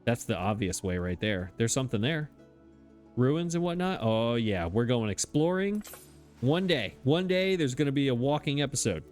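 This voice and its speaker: A man's voice: medium pitch, animated, normal speed, darkish tone, soft background music. A man giving casual, self-mocking commentary as he plays a game, chatting and laughing at himself as he goes. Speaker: let's play host.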